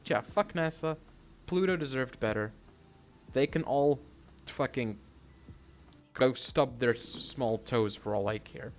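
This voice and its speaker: A man's voice: mid-range voice, slow, lo-fi sound. A man streaming a video game, ranting heatedly and swearing freely. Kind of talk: casual game livestream chat.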